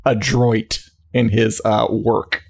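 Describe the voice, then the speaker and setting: A man chatting on a podcast panel, dropping in quick offhand remarks. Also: lowish voice, flat delivery, creaky, breathy edge. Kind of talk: casual chat.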